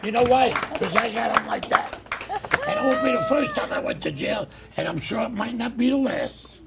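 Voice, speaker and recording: A middle-aged man hosting a talk show, telling stories in a blunt, loud, animated rant. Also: very high-pitched, moderate pace, gravelly, over a noisy crowd, heavy background noise. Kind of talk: casual ranting monologue.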